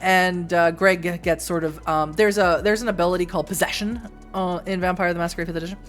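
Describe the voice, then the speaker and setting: Giggly rambly woman doing a show recap, lowish voice, pokes fun at herself. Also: fairly even intonation, a little fast, soft background music. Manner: rambling, giggly, self-deprecating. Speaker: recap vlogger.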